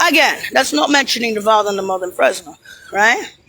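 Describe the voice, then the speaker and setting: Woman, furious rambling vlog rant, lots of cursing; high, sharp, bright voice. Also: expressive, fast, vocal fry, slight background noise, poor audio. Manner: profane, insulting, rambling and disjointed; points at something on screen while talking. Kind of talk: angry ranting monologue.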